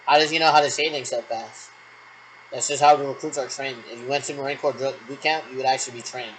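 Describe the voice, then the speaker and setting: A man's voice: medium pitch, fairly even intonation, fast talker, a bit bright, slight background noise, rough recording. A man rambling through make-believe radio checks in a solo role-play, leaning on the word "actually" again and again. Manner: rambling, repeats "actually" often. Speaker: vlogger doing pretend radio checks. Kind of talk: solo role-play talking to imagined callers.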